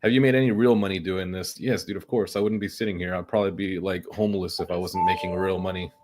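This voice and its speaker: A man's voice: deep voice, fairly even intonation, quick pace, noisy background. A man streaming his day trading with sarcastic, joking asides while nursing a headache. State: suffering a headache. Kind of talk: casual livestream commentary.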